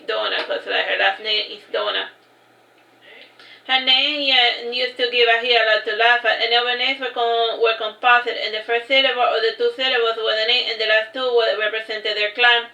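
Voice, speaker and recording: A woman's voice: on the high side, pushed and bright, reverberant, dull audio. A woman reading her own novel aloud in a casual way, breaking off with chatty asides and restarting lines. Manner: loose, with restarts and chatty side remarks.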